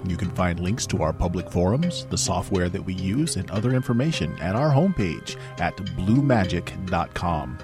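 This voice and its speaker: A man reading a scripted podcast outro in an even, read-out way. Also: deep voice. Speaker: podcast announcer. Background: music.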